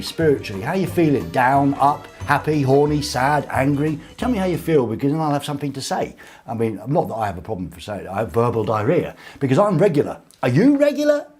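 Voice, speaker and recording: Jokey man hosting a lively stream. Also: on the high side, husky. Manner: jokey, rambling, cheeky asides. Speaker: live show host. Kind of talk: casual live-stream chat, reading viewer comments. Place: small studio.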